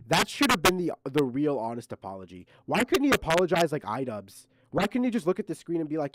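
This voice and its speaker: A man's voice: on the high side, big pitch swings, fast talker, hardly any pauses, low-quality recording. A man streaming, giving casual reaction commentary in heated, mocking, profane rants.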